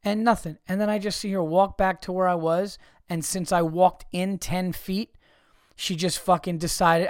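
A man hosting a podcast, telling stories in a profane, animated comedic rant with frequent restarts. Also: high-pitched, normal speed, clear, resonant tone, dry recording, studio quality. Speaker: podcast host.

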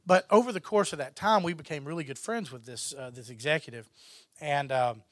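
A man's voice: on the high side, fairly quick, no room sound, clean studio sound. A man telling a casual story as a guest, laughing often and acting out what others said. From Texas, USA. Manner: animated, laughs often, acts out others' lines.

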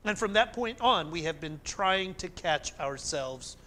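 Animated male pastor preaching. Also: sits high, a little slow. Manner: animated, climbing to emphatic peaks, then dropping soft. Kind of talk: sermon.

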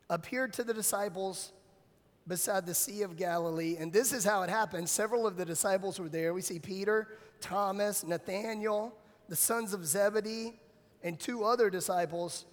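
A male pastor gives a sermon, telling the story in a lively, casual way. His voice sits high for a man. Long reverb from a large church hall trails each phrase. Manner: animated storytelling with casual slang.

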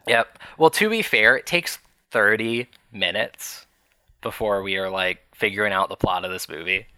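A man's voice: on the low side, moderate pace, pushed and bright, clean tone, dry recording. A man co-hosting a podcast in casual chat, rambling with fillers and small laughs. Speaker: podcast co-host.

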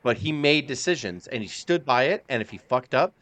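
Fast-talking, profane male podcast co-host. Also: mid-range voice. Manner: profane, animated, acts out outbursts. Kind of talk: casual chat.

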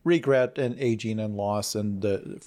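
Man, low voice, podcast panelist, casual movie chat, musing and opinionated. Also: unhurried, dark tone. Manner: musing, opinionated, lots of restarts.

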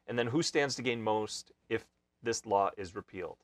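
A man's voice: fairly low pitch, moderate pace, no room sound. Guy hosting a podcast, plays devil's advocate, dry close mic. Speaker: host. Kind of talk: podcast panel discussion.

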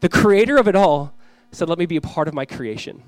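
A man in his thirties preaching a Christmas Eve sermon, earnest, reading scripture slowly and acting out family scenes. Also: on the high side, expressive, no echo, poor audio. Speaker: pastor.

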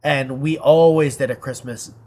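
A man's voice: mid-range voice, steady tone, moderate pace, a little mellow. A man co-hosting a casual chat show, telling a long rambling family story with teasing asides and casual swearing. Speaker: podcast co-host.

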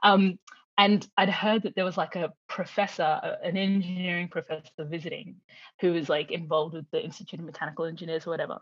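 A woman guest telling a long story in casual chat, animated, laughing often and acting out the people she quotes. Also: on the low side, brisk, dry recording, highs cut off.

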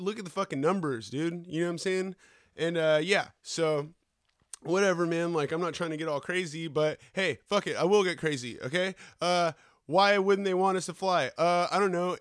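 A man with a fairly high voice hosts a podcast, ranting in a loose, profane and sarcastic way. His talk is full of slang. The recording is dry and close. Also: fairly bright tone, no room sound. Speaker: podcast host. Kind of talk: profane rant.

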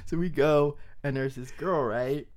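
A man's voice: fairly high pitch, a little slow, darkish tone. A young man, a comedian guest on a podcast, telling family stories in casual chat, laughing often and acting out the people he quotes.

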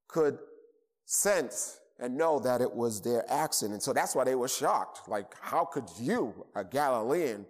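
Man, Boston accent, sermon, emphatic repetition, a bit high-pitched, long reverb. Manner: emphatic, repeats words for emphasis. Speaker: pastor.

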